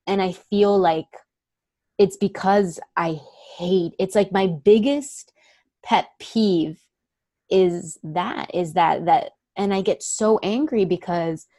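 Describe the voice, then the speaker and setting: A young woman from Miami, an actress, telling personal stories in a candid interview, animated and full of fillers. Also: on the low side, takes it slowly, dry recording. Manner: animated storytelling, many fillers, acts out quoted voices. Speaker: actress guest.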